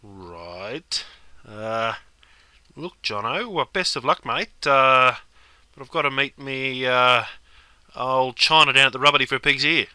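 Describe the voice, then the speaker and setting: A man's voice: mid-range voice, measured pace, sharp tone, clean tone, no room sound, low-quality recording. A young man with an Australian accent playing a laid-back mate full of slang in a comedy sketch. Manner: broad slang-laden banter. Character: laid-back Aussie bloke Bruce, slang-heavy mate.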